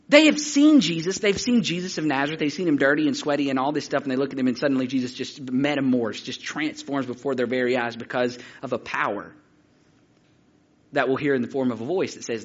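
Animated preacher man, bright voice. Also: mid-range voice, highs cut off. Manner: animated storytelling, excited and halting. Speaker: pastor. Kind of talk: sermon.

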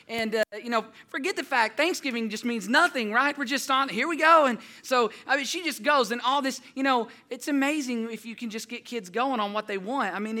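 A man preaching a casual, story-driven sermon, talking to the congregation like friends and putting on children's voices in his anecdotes. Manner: animated storytelling, jumps higher and louder when quoting children. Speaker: pastor. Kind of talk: conversational sermon with stories.

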